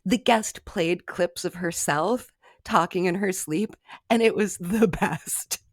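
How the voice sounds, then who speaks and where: A woman's voice: on the low side, takes it slowly, slightly rough, no room sound, studio quality. A woman co-hosting a podcast in casual chat, telling stories with frequent giggles. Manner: giggly, self-amused storytelling. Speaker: podcast co-host.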